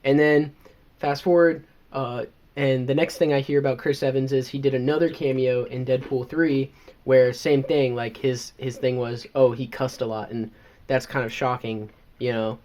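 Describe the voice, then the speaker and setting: A man's voice: mid-range voice, fairly even intonation, moderate pace, darkish tone. Young southern guy on a podcast, laid back, rambly, says like a lot. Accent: Southern American. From American South. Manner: rambling, laid-back, lots of likes and fillers. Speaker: podcast co-host. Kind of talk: casual chat.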